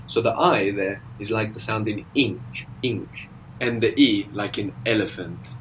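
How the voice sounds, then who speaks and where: Man, language teacher, audio lesson, patient, explanatory, lowish voice, faint background noise. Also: normal speed, a bit bright, rough recording. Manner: patient, explanatory, tags questions with "no?".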